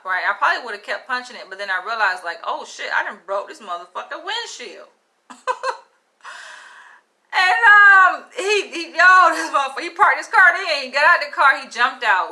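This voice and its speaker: Animated, swearing young woman storyteller. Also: high voice. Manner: animated, swears constantly, says "yo" and "like". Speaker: vlogger. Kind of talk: casual storytelling to camera.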